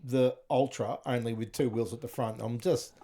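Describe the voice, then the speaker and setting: A man's voice: medium pitch, fairly even intonation, normal speed, mellow. A man hosting a casual chat, blunt and swearing freely as he tells a story. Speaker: podcast host.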